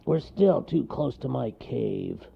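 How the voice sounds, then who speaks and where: A man voicing a big grumpy male bear in a storybook, speaking slowly with a growl. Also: medium pitch, animated, creaky, breathy edge, voice pushed up, full character voice. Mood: gruff. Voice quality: growling, snarling. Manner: slow, curt. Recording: lo-fi recording.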